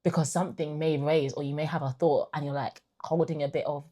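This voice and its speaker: Low-voiced earnest young woman guest. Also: fairly quick. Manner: earnest, animated, drops to a near-whisper when reliving prayers. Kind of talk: candid faith conversation.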